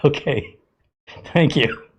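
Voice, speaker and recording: A man's voice: on the high side, slightly rough. A male tech show host chatting casually and jokingly, often hesitating with ums and uhs. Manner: hesitant, joking, fills pauses with um and uh. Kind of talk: casual demo chat.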